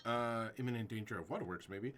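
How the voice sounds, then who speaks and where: A man's voice: medium pitch, fast talker, fairly bright tone, soft background music. A man streaming a horror game live, jumpy and swearing at scares while chatting with his viewers.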